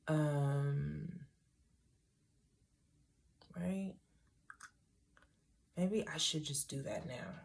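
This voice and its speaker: A woman's voice: low-pitched, gravelly, pushed and bright. A middle-aged woman talking casually through a hair tutorial, rambling with wry asides to herself. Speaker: hair vlogger.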